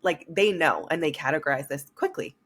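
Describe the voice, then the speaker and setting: A woman's voice: low voice, expressive, a little fast, fairly bright tone, husky. A young woman hosting a solo podcast, talking frankly and with energy, swearing casually and addressing her listeners directly. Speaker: podcast host. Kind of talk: candid solo podcast talk.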